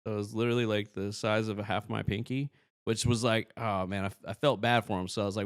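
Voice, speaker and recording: A man's voice: lowish voice, fairly quick, dry recording, studio quality. A young man, a comedian, telling stories in a casual podcast chat and acting out other people's lines. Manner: animated, acts out other people's lines in the story. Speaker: guest comedian.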